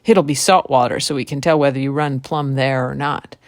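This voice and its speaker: A woman voicing a scheming old witch who brags and coaxes in folksy country speech, low-pitched. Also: fairly even intonation, normal speed, no room sound, studio quality.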